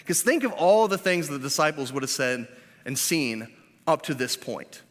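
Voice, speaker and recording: A man in his thirties preaching a sermon as pastor. He swings between hushed, drawn-out lines and loud, emphatic ones, with self-deprecating asides. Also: a little high, very animated. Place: church. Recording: reverberant church sanctuary.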